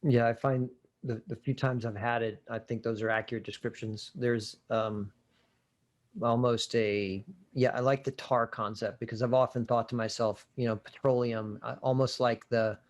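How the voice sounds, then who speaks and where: A man's voice: mid-range voice, little pitch movement, moderate pace. A man with a mid-range voice co-hosts an easygoing wine talk. He describes flavors eagerly and in vivid detail. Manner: descriptive, enthusiastic tasting talk. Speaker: wine show co-host. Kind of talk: casual educational wine chat.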